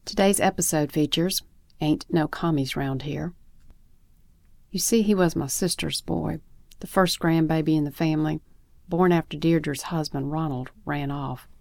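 A woman author reading her own short story aloud in a steady, plainspoken first-person telling. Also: sits low, a little slow, creaky, no room sound.

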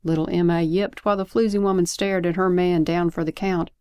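A woman reading her own story aloud, expressive and lively, with asides. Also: lowish voice, brisk, clean tone, no room sound, studio quality.

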